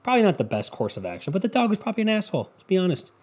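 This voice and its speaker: A podcast host in his twenties fires off a comic rant at rapid speed, his high-sitting voice slightly rough. He swears heavily, leans on sarcasm and does animated impressions of the people he quotes.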